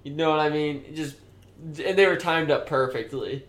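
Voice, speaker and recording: A young man co-hosting a podcast, telling stories in an animated way with swearing and laughter. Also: a little high, normal speed, reverberant. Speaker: podcast co-host. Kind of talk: casual chat.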